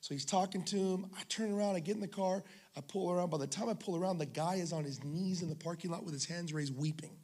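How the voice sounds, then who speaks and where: Man, pastor, sermon, slightly high voice, humorous storytelling, church service. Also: fast talker, darkish tone. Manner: humorous storytelling, jokes with the congregation. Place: church service in a school venue.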